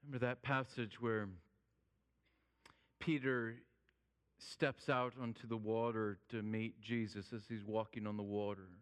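A male pastor preaching a sermon, swinging from loud urgency down to a hushed near-whisper. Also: fairly low pitch, little pitch movement, unhurried, pauses often, clean tone. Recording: long hall reverb.

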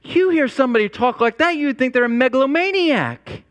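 A man preaching a sermon as pastor, climbing to emphatic high peaks and then dropping low and quiet. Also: lively intonation, a little fast, smooth. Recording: long reverb of a large hall.

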